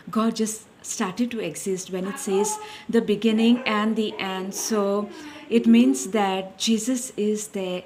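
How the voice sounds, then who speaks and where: Earnest woman with a mellow voice. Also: mid-range voice, a little hiss or hum. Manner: earnest, repetitive, addresses listeners as dear friends; self-correcting, searching for words. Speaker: Christian speaker. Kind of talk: informal devotional message.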